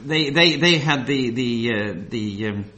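A man preaching a Bible study sermon. He reads verses slowly and with emphasis, then drifts into loose, filler-heavy asides. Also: medium pitch, lively intonation, sharp tone, lo-fi sound.

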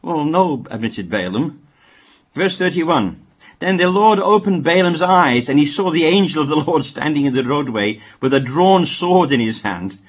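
Reading from the Bible and pausing for dry, witty commentary, a man teaches in a slightly high, animated voice at a moderate pace.

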